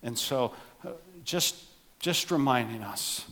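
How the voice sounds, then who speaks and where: A man preaching a humorous sermon to his congregation, joking and animated, dropping to quiet asides. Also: medium pitch, slow pace. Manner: jokey, animated, drops to soft asides. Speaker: pastor.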